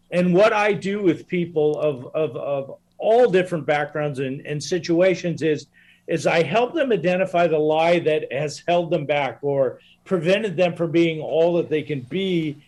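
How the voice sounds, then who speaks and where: A man talks as a podcast guest in an earnest, reflective way, his pitch sitting a little above most men's. He speaks like a coach and often circles back to restart a thought. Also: unhurried, a little mellow. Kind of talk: casual conversation.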